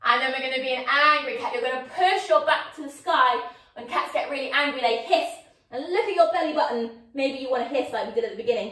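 A woman's voice: high voice, quick pace, fairly bright tone, echoey room, far from the mic. A woman leading an online yoga class for young children, playful and sing-song as she calls out poses and games. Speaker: kids yoga teacher.

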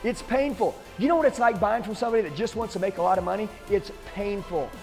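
Intense high-voiced man preaching sales. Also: quick pace, vocal fry, a little mellow, in a large hall, faint music behind. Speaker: sales trainer. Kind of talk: motivational talk to camera.

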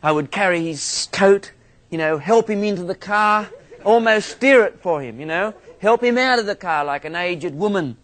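A man's voice: high voice, animated, normal speed, fairly bright tone. A man from Australia with an Australian accent, a minister giving a theology lecture full of humorous, self-mocking stories.

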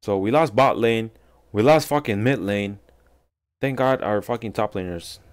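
A man's voice: lowish voice, moderate pace. A man giving casual gaming commentary, swearing often and complaining in frustration. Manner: profane, frustrated trash talk. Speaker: gameplay streamer.

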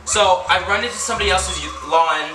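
A young man from California, telling a story at home in an animated, excitable way, full of fillers and acted-out quotes. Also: high voice, fairly quick, over music. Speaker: vlogger. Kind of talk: storytime vlog. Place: at home indoors. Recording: echoey room, mic at a distance.

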